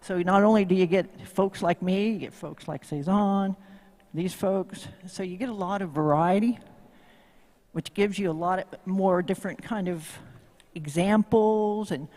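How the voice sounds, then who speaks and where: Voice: medium pitch, measured pace, a little mellow. A horsemanship instructor with a Tennessee accent gives a live demo talk. The delivery is folksy and joking, full of questions thrown out to the crowd. The voice rings with the long reverb of a large venue.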